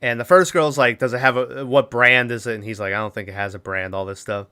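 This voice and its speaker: Bright-voiced man recapping a movie. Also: medium pitch, fast, clean tone. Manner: animated retelling with laughs, acts out characters' lines. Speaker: podcast host.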